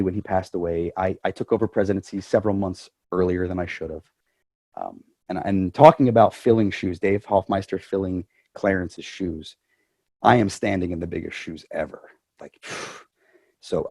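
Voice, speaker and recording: A man's voice: deep voice, mellow, no echo. A man speaking as club president, addressing the members over a video call in a chatty, joking way.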